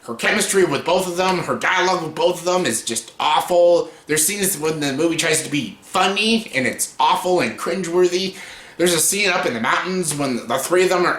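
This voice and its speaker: Exasperated young man ranting, bright voice. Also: a little high. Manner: exasperated, mocking, swears a lot, breaks into laughter. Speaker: YouTuber reviewing films. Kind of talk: casual ranting review. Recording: echoey room.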